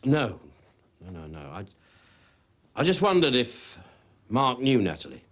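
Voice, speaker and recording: An actor playing a patient male detective who questions a witness hesitantly and softly in a TV police drama. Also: mid-range voice, wildly swooping pitch, unhurried, exaggerated voice. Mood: cautious. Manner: hesitant, soft-spoken questioning.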